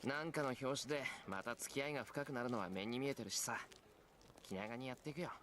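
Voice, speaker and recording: An actor voicing a calm, patient teenage schoolboy in a visual novel, speaking quietly and evenly. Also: male voice, medium pitch, very fast, a crowd in the background, close to an everyday voice. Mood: resigned.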